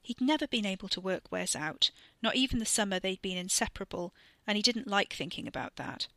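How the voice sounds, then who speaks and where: Bright-voiced woman narrating a story. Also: medium pitch, lively intonation, no echo. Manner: measured, literary storytelling. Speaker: audiobook narrator. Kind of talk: scripted narration.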